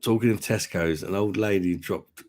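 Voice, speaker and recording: A man's voice: sits low, normal speed, darkish tone. A man, hosting a casual livestream chat, swearing and laughing as he talks. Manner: chatty, swears, laughs a lot. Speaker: host.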